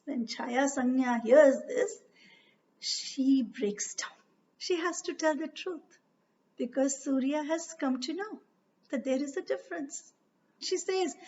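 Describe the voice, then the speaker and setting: A woman narrating a myth as a storyteller, unhurried and with frequent hesitations. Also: sits high. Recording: dull, distant recording.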